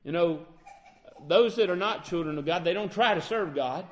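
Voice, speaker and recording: A man's voice: high voice, moderate pace. A man preaching a sermon with a dramatic delivery that rises and falls. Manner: dramatic, rising and falling delivery.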